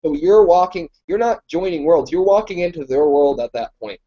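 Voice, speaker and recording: Mellow, halting male Q&A host. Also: fairly high pitch, animated, muffled recording. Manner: halting, searches for words mid-sentence. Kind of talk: live Q&A chat.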